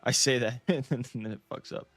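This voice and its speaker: A man's voice: mid-range voice, fairly even intonation, moderate pace, a bit bright. A young man from the United States, chatting casually while streaming a game, laid-back and swearing freely. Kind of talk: casual livestream chat while gaming.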